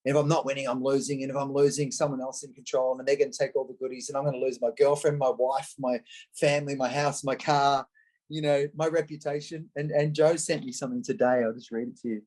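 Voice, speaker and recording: A man, a guest in an interview, telling candid personal stories in an animated way and acting out the voices of the people he quotes. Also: medium pitch, quick pace, rough recording. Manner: animated, acts out quoted voices, frequent restarts. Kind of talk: candid conversational storytelling.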